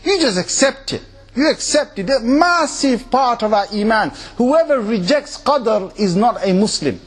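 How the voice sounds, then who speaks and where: A man giving a lecture at a mosque, talking animatedly and checking in with his listeners with quick questions. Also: very high-pitched, husky. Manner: animated, acts out quoted voices and laughs often. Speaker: Islamic lecturer.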